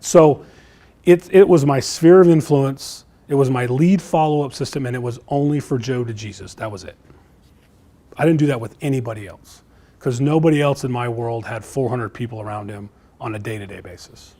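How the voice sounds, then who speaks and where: A middle-aged man teaches a live sales class, telling candid stories from his own work. He often repeats words and restarts as he talks to the room. His voice sits at an ordinary mid pitch. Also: dark tone. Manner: candid, storytelling, repeats himself. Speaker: real estate trainer. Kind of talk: live sales training talk. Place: classroom before a live audience.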